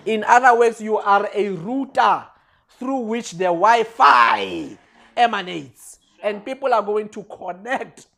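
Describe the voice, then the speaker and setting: A preacher delivering a sermon, repeating refrains and swinging from quiet lines to shouted peaks. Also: mid-range voice, takes it slowly, creaky.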